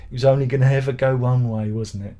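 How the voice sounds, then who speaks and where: A man's voice: mid-range voice, steady tone, fast talker, dark tone. A middle-aged man hosting a casual live stream from home, reading out viewer comments and answering in a rambling, sardonic, grumbling way. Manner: rambling, sardonic and grumbling, with mock-exasperated asides.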